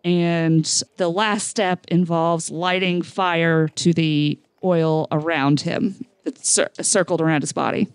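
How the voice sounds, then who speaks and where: Slow-talking player in a dry room. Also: mid-range voice, steady tone, smooth, no echo. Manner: slow, thinking aloud with fillers. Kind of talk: casual tabletop game chat.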